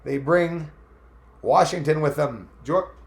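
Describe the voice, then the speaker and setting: A Canadian man hosting a live stream, chatting casually in a rambling, animated way and reading out viewer comments. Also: a little high, slow pace, echoey room. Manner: animated, rambling, talks back to chat.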